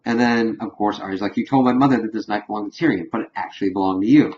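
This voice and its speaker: A young man casually recaps and reviews a TV episode, retelling scenes with animation and briefly acting out characters' lines. His voice is fairly low and fast, with dull audio and a little hiss or hum.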